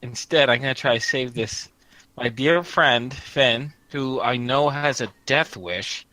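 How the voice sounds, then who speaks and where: A man's voice: medium pitch, a little slow, sharp tone, no echo. A man playing a tabletop role-playing game, talking in a joking way with plenty of profanity. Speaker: player. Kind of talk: casual tabletop play.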